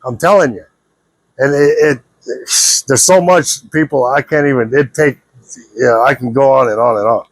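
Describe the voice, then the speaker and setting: A man's voice: mid-range voice, moderate pace, long pauses, no room sound. A man talking straight to his viewers in a casual, preachy monologue. He repeats himself earnestly and keeps checking that they follow him. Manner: earnest, repetitive, keeps checking the listener understands. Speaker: vlogger giving advice.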